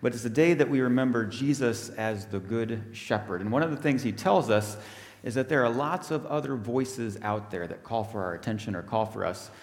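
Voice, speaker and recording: A man's voice: medium pitch, moderate pace. A man, a minister giving a friendly children's talk during a church service. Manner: friendly, explaining. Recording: echoey church hall.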